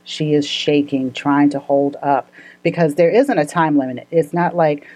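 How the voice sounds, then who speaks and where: Low, mellow-voiced woman telling a story. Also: unhurried, rough recording. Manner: earnest, laughs often, gets emotional. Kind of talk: casual chat, storytelling.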